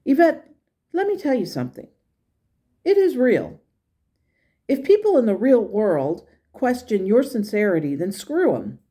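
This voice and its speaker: A woman's voice: a little high, very animated, measured pace, pauses often, mellow, pitched above the performer's own voice. A woman voicing a blunt but caring spirit guide as she reads its messages aloud. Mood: firm. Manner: blunt, encouraging, exasperated at times. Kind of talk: reading channeled messages aloud.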